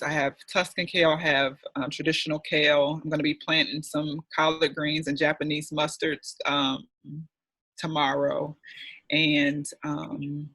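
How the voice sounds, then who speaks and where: A man's voice: a little high, pushed and bright, dry recording, low-quality recording. A man telling a candid, heartfelt personal story as a guest in an online panel discussion, chatty and full of fillers.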